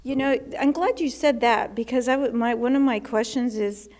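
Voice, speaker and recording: A woman's voice: fairly high pitch, moderate pace, darkish tone. A woman interviewing in casual conversation, asking earnest and openly emotional questions.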